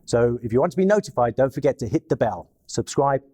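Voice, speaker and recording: A man hosting a video podcast, wrapping up an interview and signing off briskly. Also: medium pitch, expressive, mellow. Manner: brisk promotional wrap-up. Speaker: podcast host. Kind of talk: interview host and sign-off.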